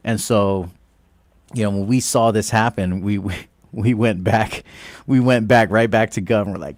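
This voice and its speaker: A man's voice: on the low side, moderate pace, dry recording. A man hosting a radio talk show, telling a story casually, often laughing and acting out what people said. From Guam. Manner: animated, acts out quoted exchanges, laughs often. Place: radio studio. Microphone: studio microphone.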